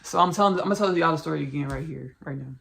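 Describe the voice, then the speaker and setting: A woman's voice: low voice, very fast, gravelly, fairly bright tone. A woman podcast host with a Southern US country accent, giving a rambling, repetitive spiritual monologue full of restarts and familiar asides. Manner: rambling and repetitive, with frequent restarts, calling listeners "y'all" and "baby".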